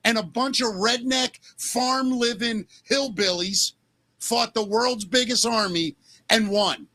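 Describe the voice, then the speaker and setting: A man's voice: high voice, takes it slowly, sharp tone, no room sound. A man co-hosting a political podcast, ranting with fiery, sarcastic heat. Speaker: co-host. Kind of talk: heated political podcast talk.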